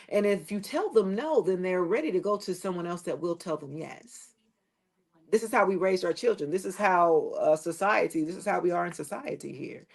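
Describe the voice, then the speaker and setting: Middle-aged woman, live-stream host, rambling and blunt, talks straight to camera. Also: mid-range voice. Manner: rambling, emphatic, blunt with swearing. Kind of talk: casual live-stream chat.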